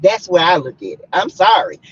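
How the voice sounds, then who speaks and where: A woman's voice: on the low side, expressive, fairly quick, husky. A woman hosting a casual live stream, chatting and greeting viewers by name. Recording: dull lo-fi stream audio.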